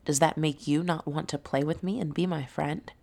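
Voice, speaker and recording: A woman's voice: deep voice, fairly even intonation, moderate pace, gravelly, a little mellow. A woman voicing a friendly, kind young male tiger in a storybook.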